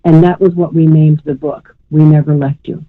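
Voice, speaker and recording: A woman's voice: deep voice, level tone, moderate pace, dry recording. Psychic woman over a tinny phone line. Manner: warm, rambling, uses endearments like sweetheart. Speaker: psychic medium guest. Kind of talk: live radio psychic reading.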